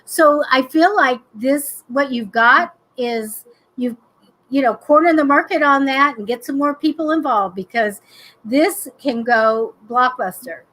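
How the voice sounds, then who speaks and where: High-voiced chatty woman psychic host. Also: unhurried, rough recording. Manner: chatty, animated storytelling. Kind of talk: casual live-stream chat.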